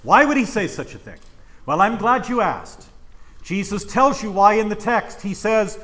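A man's voice: sits high, expressive, normal speed, a bit bright. A male pastor preaching a sermon in church, emphatic and full of rhetorical questions.

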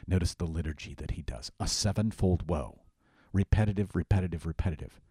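Man with a lowish voice, really expressive, talking scripture, dry close sound. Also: fairly quick, slightly rough, no room sound. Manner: animated, mimics voices for emphasis. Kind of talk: conversational Bible study.

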